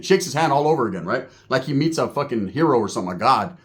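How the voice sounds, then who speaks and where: A man telling a story in a casual, animated and profane streetwise way. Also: mid-range voice, fast, hardly any pauses.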